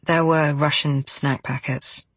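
A terse, shaken male diver who gives flat, clipped answers in a husky, breathy voice, as a woman reading an audiobook puts him on. The recording is dry and close. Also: low-pitched, takes it slowly, no room sound, heavily acted. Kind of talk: audiobook character voice.

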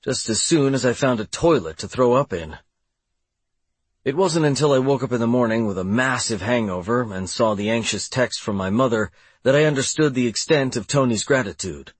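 A man reads a first-person audiobook with a wry, sardonic delivery. His voice sits at an average pitch with a husky texture, and the recording is dry and close. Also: lively intonation, normal speed, no echo. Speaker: audiobook narrator.

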